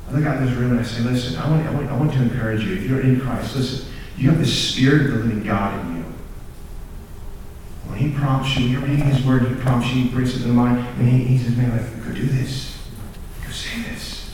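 Speaking fast in a mid-range voice, a young man preaches to students, telling a story with earnest self-deprecation. He laughs at his own tales and repeats and restarts words when excited. Slight background noise is present, and he's heard from a distance in a very echoey large room full of students.

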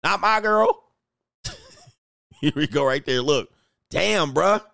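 A young man giving casual, crude reaction commentary, loud and animated, laughing often. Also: fairly high pitch, slow pace, creaky, no echo, clean studio sound.

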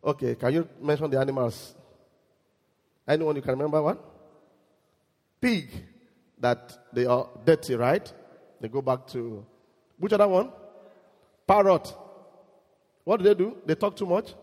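A man preaching a sermon in church, animated and quizzing his congregation. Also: fairly high pitch, measured pace, long pauses, long reverb tail. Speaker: pastor.

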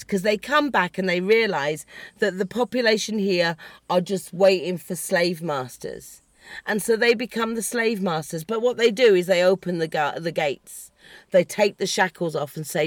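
A woman rants about politics on her podcast. She is shouty, sarcastic and quick to swear. Her voice sits a little high and sounds close and dry, with no room around it. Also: no echo. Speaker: podcast host. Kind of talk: heated political rant.

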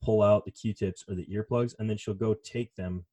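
A man's voice: on the low side, steady tone, normal speed, warm tone. A man co-hosting a podcast in casual chat, rambling and swearing with lots of fillers. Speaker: podcast co-host.

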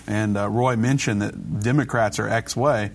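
Guy hosting a christian call-in show, quick casual talk, kinda preachy. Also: lowish voice, steady tone. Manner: brisk, conversational, preachy. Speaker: radio show host.

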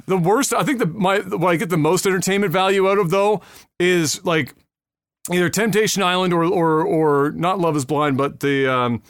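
A man's voice: sits high, normal speed, no echo, clean studio sound. A man co-hosting a casual podcast, rambling in a laid-back, profane way. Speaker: podcast co-host.

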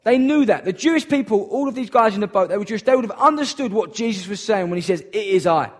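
A man's voice: high-pitched, expressive, fast. A man preaching a sermon in an earnest, emphatic way, repeating key phrases for weight.

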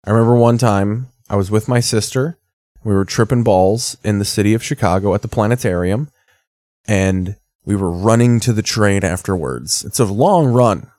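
Guy in his 30s rambling sardonic stories, lowish voice, dead dry sound. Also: a little mellow, dry recording. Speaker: streamer reacting to TV. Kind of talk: casual profane commentary.

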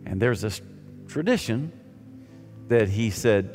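A man preaches in a large church with a long, ringing reverb, while faint music plays under him. He builds to loud, emphatic points and then drops to soft, hushed phrases. His voice sits at an ordinary middle pitch. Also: animated, unhurried. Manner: dramatic, swings from loud emphasis to soft near-whispers. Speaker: pastor. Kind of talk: sermon.

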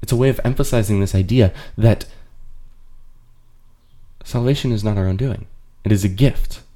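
A man with a very low, warm, mellow voice teaches a Bible study on his podcast. He explains in an earnest way and goes back over his points to drive them home. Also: moderate pace. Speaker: host.

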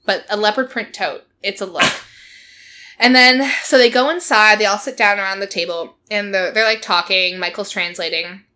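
A woman hosts a casual podcast chat and recaps a reality show. Her voice is bright and forward. She tells the story in an animated way, laughing often and leaning on "like" as a filler. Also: medium pitch, normal speed. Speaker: podcast host.

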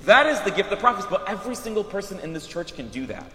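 A man preaching a sermon as a priest, telling stories in an animated way with quick asides. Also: high-pitched. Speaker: Catholic priest. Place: church. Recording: echoey church hall.

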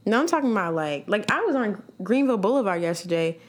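A woman's voice: medium pitch, expressive, fast. A woman co-hosting a podcast, chatting casually with lots of fillers and laughter. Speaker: podcast co-host.

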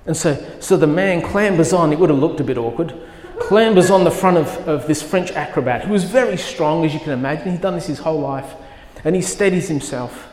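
Male pastor, storytelling sermon delivery, slightly high voice, reverberant hall. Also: fairly quick, hardly any pauses, a little mellow, a little hiss or hum. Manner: storytelling, building to emphatic quoted commands. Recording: echoey hall with long reverb.

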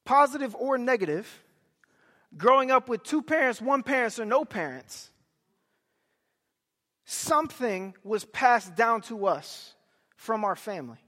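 A young man preaching a sermon, telling family stories with animated delivery and loud bursts of emphasis. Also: very high voice, a little slow, pauses often, long reverb tail. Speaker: pastor.

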